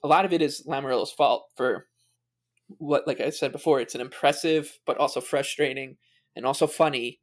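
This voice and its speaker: Rambling man with halting speech. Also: mid-range voice. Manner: rambling, halting, many fillers. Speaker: podcast co-host. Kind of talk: casual sports podcast chat.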